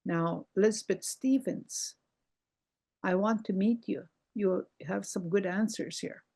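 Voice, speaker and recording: An older woman teaching a language lesson over a video call, repeating words slowly and explaining how they sound. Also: medium pitch, vocal fry, warm tone. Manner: slow, repeats words carefully, explaining pronunciation.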